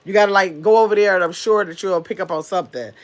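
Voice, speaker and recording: A woman chats through her livestream and reads viewers' comments aloud into her phone. She answers each one in a loose, rambling way, with plenty of fillers and restarts. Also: mid-range voice. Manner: says she talks fast. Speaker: livestream host reading chat. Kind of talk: casual chat.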